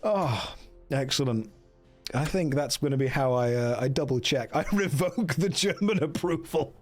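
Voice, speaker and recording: A man's voice: mid-range voice, expressive, normal speed, faint music behind. An English man streaming a gamebook, bantering with chat in a jokey way and laughing often. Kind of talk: casual stream commentary.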